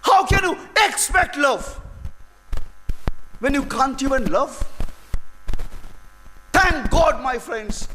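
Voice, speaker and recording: A man giving a dramatic, emotional inspirational speech to an audience, full of long pauses. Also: very high-pitched, bright, forceful tone, poor audio. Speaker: public speaker.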